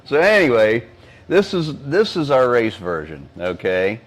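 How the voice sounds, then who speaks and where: A middle-aged man co-hosting a podcast, explaining engine parts in casual technical shop talk, rambling with many fillers and frequent throat clearing, on a collar lapel mic. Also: mid-range voice, huge pitch swings, measured pace. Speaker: engine builder and podcast co-host.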